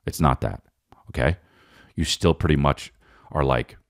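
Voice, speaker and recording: With an extremely low pitch, unhurried delivery, and vocal fry, a comedian hosting his podcast rambles through a profane, lively bit. He keeps addressing the listener as dude.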